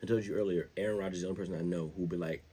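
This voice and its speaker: A man hosting his own show, talking football in a casual, slangy, rambling way that gets more animated as he goes. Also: low-pitched, rapid-fire, husky. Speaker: show host. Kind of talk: casual sports commentary.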